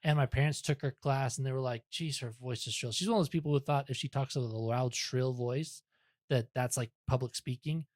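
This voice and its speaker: A man's voice: mid-range voice, steady tone, a little fast, darkish tone, no echo, clean studio sound. A young man talking as a podcast guest in casual chat, rambling and self-deprecating, with many restarts.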